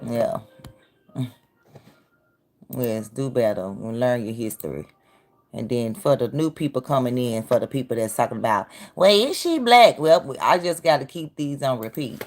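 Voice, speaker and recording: A woman's voice: a bass voice, normal speed, a little mellow. A woman hosting a casual livestream, talking bluntly and answering her chat directly. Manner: blunt, talks back to chat. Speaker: livestream host.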